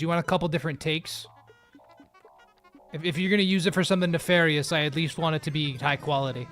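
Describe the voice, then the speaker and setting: A man's voice: a little high, fairly even intonation, quick pace, fairly bright tone, soft background music. Joking man chatting on a live stream. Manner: rambling, joking, often laughing at himself. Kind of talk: casual live stream chat.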